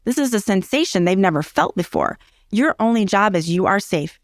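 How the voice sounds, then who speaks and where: A woman's voice: mid-range voice, big pitch swings, a little fast, no echo, studio quality. A middle-aged woman explaining parenting in a casual interview, earnest and teacherly, repeating key phrases for emphasis. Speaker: early childhood educator and parenting guest.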